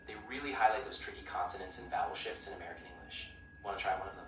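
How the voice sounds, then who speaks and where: A synthetic male voice assistant coaching pronunciation in an upbeat, encouraging way with even-paced explanations. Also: low-pitched, rapid-fire. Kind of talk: friendly coaching chat. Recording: roomy, distant speaker playback with clear noise.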